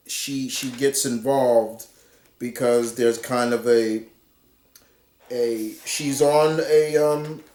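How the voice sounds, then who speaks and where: A man's voice: mid-range voice, a little mellow. A man casually reviewing a comic book, rambling with lots of fillers and restarts. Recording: roomy echo.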